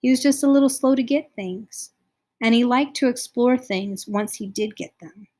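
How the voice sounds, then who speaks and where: A woman's voice: on the high side, normal speed. Woman reading a novel aloud. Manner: expressive reading, voicing each character. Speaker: audiobook reader.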